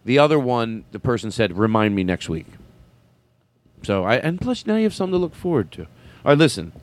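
A man's voice: medium pitch, very animated, brisk. Rambling, stammering male podcast host. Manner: rambling, stammering, laughs often. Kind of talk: casual chat.

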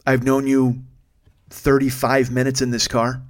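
Male storyteller, middle pitch, casual, blunt and profane. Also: completely flat delivery, a little slow. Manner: blunt, profane, exasperated retelling. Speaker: storyteller, rideshare driver.

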